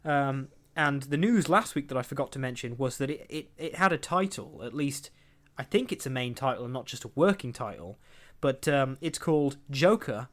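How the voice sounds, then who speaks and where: This young man, a podcast host, has a medium-pitched, fairly bright voice with lively intonation at a normal speed. He reads entertainment news in casual, rambling chat, laughing frequently and performing the quotes.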